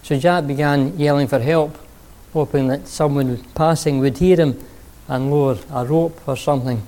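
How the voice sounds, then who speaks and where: A man preaching a sermon, telling a story and then speaking earnestly, sometimes pausing to rephrase. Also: on the high side, steady tone, dark tone.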